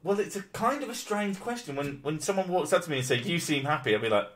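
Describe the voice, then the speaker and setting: A man's voice: fairly high pitch, animated, fast. A man who streams, reading an article aloud in casual chat, swearing and mocking it with frequent laughs.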